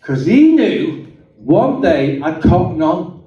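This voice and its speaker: His voice is a little high, swinging widely in pitch and moving slowly. A middle-aged man, he's the guest speaker at a meeting hall, telling his personal testimony in a chatty way and often asking "okay?" or "right?". The recording is dull, from a distant mic in a roomy hall.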